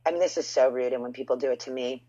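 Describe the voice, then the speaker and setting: Low husky woman telling stories. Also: very fast, muffled recording. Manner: storytelling, animated quotes, frequent "like". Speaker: podcast guest, musician. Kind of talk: casual chat.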